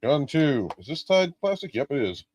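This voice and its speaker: A man's voice: a little high, very animated, moderate pace, darkish tone, lo-fi sound. A middle-aged man live-streaming a toy unboxing, chatting casually with jokes, swearing and lots of fillers.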